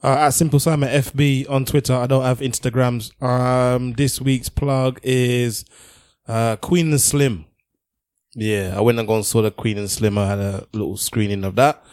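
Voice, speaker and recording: A man's voice: mid-range voice, level tone, moderate pace, a little mellow, no room sound, studio quality. Laid-back man plugging a film. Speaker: podcast guest. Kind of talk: casual chat.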